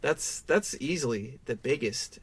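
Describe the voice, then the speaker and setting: A man's voice: medium pitch, lively intonation, unhurried, breathy edge. A man in his twenties, a podcast guest, telling a rambling, profane story in casual chat.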